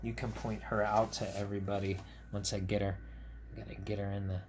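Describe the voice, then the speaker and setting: A man's voice: on the low side, a little fast, a little hiss or hum. A male teacher reading a picture book aloud to children and playfully chatting with puppets. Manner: animated, playful, warmly teasing. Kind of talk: children's story-time reading and puppet chat.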